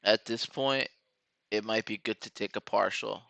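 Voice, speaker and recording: A man's voice: on the low side, fairly even intonation, moderate pace, gravelly, pushed and bright, no room sound. A man hosting a live trading stream, rambling casually to his viewers while watching charts.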